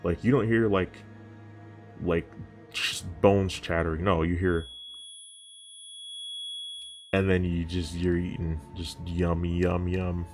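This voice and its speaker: Man, very low voice, rambling casual commentary, swears, faint music behind. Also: fairly even intonation, slow pace, pauses often. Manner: rambling, casual, profane, self-interrupting. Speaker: youtuber.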